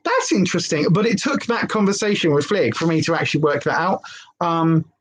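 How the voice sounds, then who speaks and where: A woman's voice: on the low side, expressive, fairly quick, a little hiss or hum. A woman vlogger rambling candidly in a casual live-stream chat.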